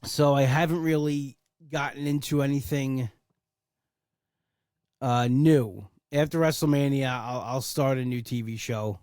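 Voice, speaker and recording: A man's voice: medium pitch, measured pace, a little mellow, clear, resonant tone, dry recording, studio quality. A young man hosting a casual solo podcast, rambling with enthusiasm and swearing for emphasis. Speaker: podcast host.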